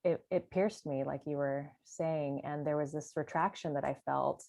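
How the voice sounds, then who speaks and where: Woman sharing at a meditation session, low mellow voice, lots of ums, kinda halting, dry sound. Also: fairly even intonation, vocal fry, no echo. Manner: halting, searching, many fillers. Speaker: retreat participant sharing. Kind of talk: personal sharing in a meditation group.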